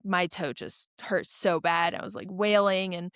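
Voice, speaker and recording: A woman's voice: on the low side, steady tone, a little slow, fairly bright tone, clear, resonant tone, dry recording, studio quality. A young adult woman, a podcast guest, telling a long story in a casual, rambling way with lots of fillers and restarts. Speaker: podcast guest, ultra runner.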